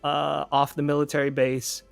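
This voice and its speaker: A man's voice: a little high, monotone, normal speed, gravelly, dry recording. A man co-hosting a casual livestream chat, telling a story in a rambling way with frequent restarts. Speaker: podcast co-host.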